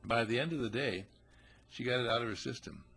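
Gravelly husky man telling a story. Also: medium pitch, brisk, fairly bright tone. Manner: folksy, chatty, acts out characters. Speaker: speaker telling a parable. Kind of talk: conversational storytelling talk.

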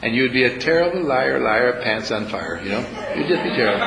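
A man's voice: mid-range voice, lively intonation, a little fast, vocal fry, few pauses, a loud crowd. Playful man speaking in an echoey room. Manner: playful, teasing, acts out little scenes with voices. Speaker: spiritual retreat speaker. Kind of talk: live talk to a room audience. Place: meeting room with an audience.

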